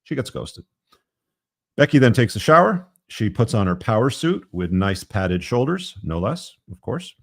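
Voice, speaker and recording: A man's voice: mid-range voice, big pitch swings, normal speed, vocal fry, no room sound, clean studio sound. A man hosting a live podcast show, reading from his book with wry, tongue-in-cheek asides and lots of fillers. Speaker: podcast host.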